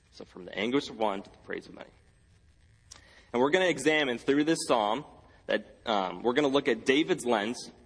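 A man's voice: mid-range voice, husky, in a large hall, low-quality recording. A man preaching a sermon as pastor, earnest, repeating key phrases for emphasis. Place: church sanctuary.

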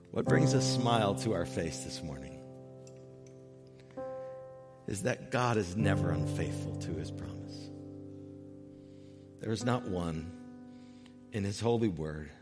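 A man preaching a sermon as pastor, earnest, rising loud on key points and dropping soft and slow when moved. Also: low-pitched, expressive. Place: church sanctuary. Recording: long hall reverb with faint music.

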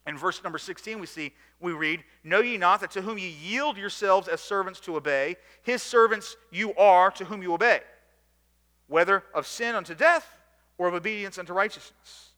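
A man preaching a sermon in a church, earnest and by turns emphatic and hushed. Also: normal speed, long reverb tail. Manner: earnest, rising to emphatic bursts then dropping low. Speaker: pastor.

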